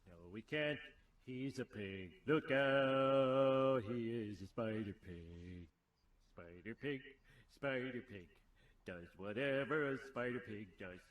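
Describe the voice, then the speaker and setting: A man voicing a dopey cartoon dad who slowly croons a goofy song. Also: mid-range voice, lightly acted. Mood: goofy singing. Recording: tinny, echoey cartoon film clip.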